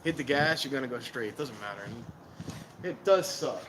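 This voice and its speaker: A man rambles in a loose, casual chat with his viewers, easily drifting from one thought to the next. He is outside near a train station. Clear street noise runs behind his voice. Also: mid-range voice, lively intonation, normal speed. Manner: rambling, talks to viewers while walking about. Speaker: vlogger. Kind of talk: casual live-stream chat.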